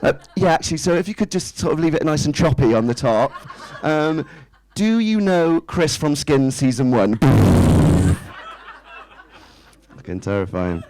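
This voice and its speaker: A man's voice: on the high side, sing-song, measured pace, dark tone, low-quality recording. A man, doing a stand-up set in a small club, chatty and self-mocking, tossing rhetorical questions at the crowd. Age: 30s. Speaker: stand-up comedian. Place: small indoor comedy club stage.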